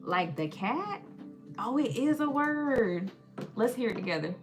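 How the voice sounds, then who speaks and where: A woman's voice: on the high side, very animated, unhurried, over music. A woman hosting a casual live stream, playful and joking, drawing out words as she sounds them out. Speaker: livestream host.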